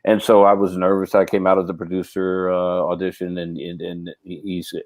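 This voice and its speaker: A middle-aged man with a low voice tells stories from his acting days in an easy, rambling way. He often restarts mid-sentence and piles on fillers, then gets lively when he acts out other people's lines. The sound is dry and close, with little room. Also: a little fast, no room sound, rough recording. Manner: animated when acting out quoted speech. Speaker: podcast guest, actor. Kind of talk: casual anecdotal storytelling.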